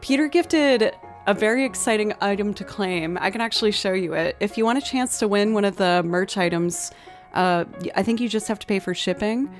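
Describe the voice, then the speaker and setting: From a home desk setup, a musician in her thirties chats on her live stream, telling stories and giggling often. She talks fairly quickly at a medium pitch, with soft music in the background.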